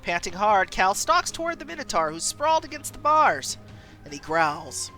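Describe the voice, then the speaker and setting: A woman streamer reading a story game aloud, expressive and quick to laugh. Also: mid-range voice, faint music behind. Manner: expressive, laughs between lines.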